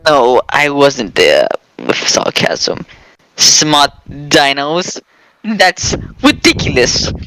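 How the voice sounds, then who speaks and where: A man's voice: on the high side, huge pitch swings, extremely slow, bright, forceful tone, full character voice, poor audio. A man reading as a scoffing know-it-all professor. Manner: scoffing, lecturing. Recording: clear background noise.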